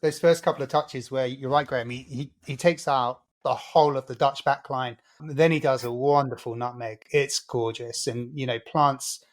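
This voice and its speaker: A man's voice: medium pitch, fairly even intonation, moderate pace, few pauses. A man co-hosting a casual football podcast, telling stories with enthusiasm. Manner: enthusiastic, storytelling. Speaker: podcast co-host.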